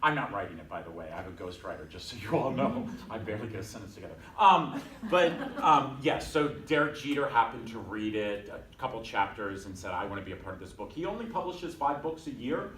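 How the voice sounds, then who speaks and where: A man's voice: medium pitch, sing-song, fairly quick, hardly any pauses, crowd noise. A man giving a guest talk to a class, chatty and self-deprecating, acting out the voices of people in his story. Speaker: guest speaker. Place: conference room at a bank, from a distance. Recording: echoey room, distant mic.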